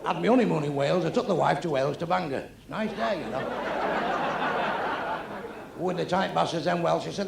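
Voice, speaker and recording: A male stand-up comedian, telling crude jokes bluntly and with deadpan timing. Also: fairly high pitch, fairly quick, creaky, long pauses. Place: comedy club with a live audience. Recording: echoey club recording with crowd noise.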